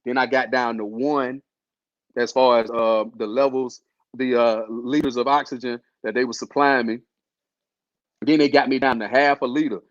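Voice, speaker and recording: A man's voice: medium pitch, steady tone, moderate pace, no echo. A man telling a personal story in a casual, slangy way, full of fillers. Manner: laid-back, slangy, loose with fillers. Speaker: host telling his illness story. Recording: dull lo-fi sound.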